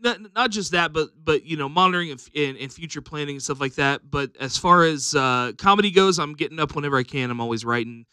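A man who books comedy shows runs through upcoming dates on his podcast. His voice is bright and crisp at a middle pitch, recorded dry and close. He meanders and fills pauses with "um.". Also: no room sound. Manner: rambling announcements with many ums. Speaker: comedy show booker and podcast co-host. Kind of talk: casual podcast chat.

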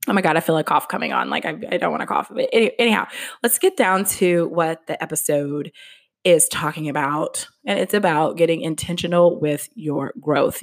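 Breathless lady podcaster, chatty and candid, bit gravelly, talks into a podcast mic. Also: low voice, normal speed. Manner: chatty, candid, swears casually, laughs at herself. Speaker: podcast host. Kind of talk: casual solo podcast chat. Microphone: podcast microphone.

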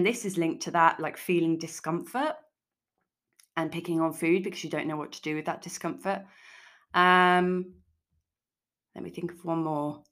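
A woman with a lowish voice talks through her solo podcast in a loose, chatty way. She is frank and sprinkles "like" all through her sentences. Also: fairly bright tone. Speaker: podcast host and food coach. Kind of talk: casual solo podcast talk.

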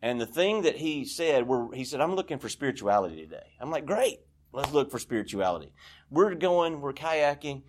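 A man's voice: medium pitch, sing-song, moderate pace, a little hiss or hum. Guy sharing his story at a recovery meeting, candid, rambly, confessional, church meeting room. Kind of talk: personal share at a recovery meeting.

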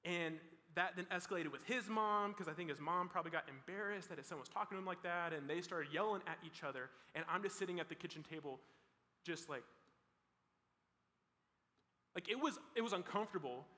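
A man's voice: high-pitched, fast, sharp tone. A young man, a youth pastor, giving a casual sermon to students, talking loosely with lots of "like" and restarts. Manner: casual, rambling with many "like" fillers and restarts. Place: large hall with a student audience. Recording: reverberant hall.

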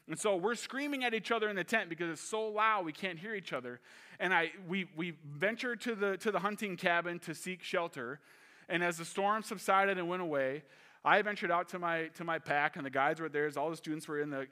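Bright-voiced male pastor telling a story. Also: high-pitched. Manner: animated storyteller, shifting to calm teaching. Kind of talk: sermon with personal story.

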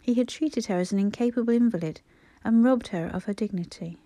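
Woman audiobook narrator, soft and hushed, warm dark tone. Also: mid-range voice, brisk, no echo. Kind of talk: scripted narration.

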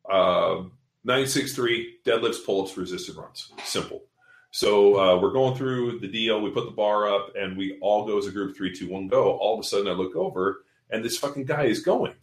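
Here a man with a lowish voice, at a moderate pace in a roomy-sounding space, recounts a story on a laid-back podcast. He coaches fitness seminars and talks profanely and bluntly, performing the quotes of the people involved.

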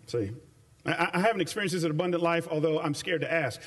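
A man delivers a sermon with emphatic, punchy phrasing, drawing out key words before speeding through stretches of storytelling. His voice sits fairly high, and he drops into loose, colloquial asides. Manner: emphatic, shifts between slow stressed phrases and rapid runs. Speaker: preacher.

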